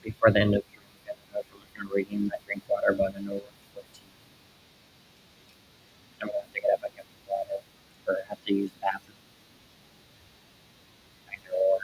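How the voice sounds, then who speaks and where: A man streaming while he draws, chatting casually in a halting, rambling way full of fillers. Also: lowish voice, monotone, highs cut off, a little hiss or hum. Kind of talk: casual live-stream chat while drawing.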